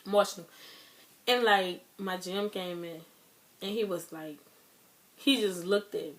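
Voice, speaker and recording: A woman's voice: lowish voice, unhurried. Grieving young woman telling a story. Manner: chatty, addresses viewers as y'all; emotional, grieving retelling. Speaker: vlogger. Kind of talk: casual storytime.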